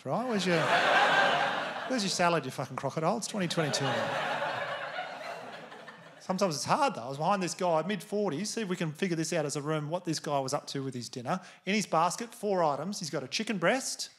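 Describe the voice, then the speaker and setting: On stage at a comedy venue, a male Australian comic with a somewhat high, expressive voice speaks at a moderate pace. His set is crude, chatty storytelling aimed at the live audience, whose laughter and noise fill the background.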